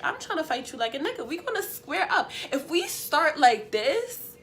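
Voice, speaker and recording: A young woman vlogger, sniffly and unwell, telling a story in an animated, slangy, emphatic way. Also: fairly high pitch, a little hiss or hum. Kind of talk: story time.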